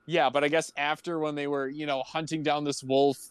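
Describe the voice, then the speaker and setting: Smooth-voiced man recapping a movie. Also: a little high, flat delivery, dry recording. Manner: halting, summarizing a plot with fillers. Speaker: podcast co-host. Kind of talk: casual chat.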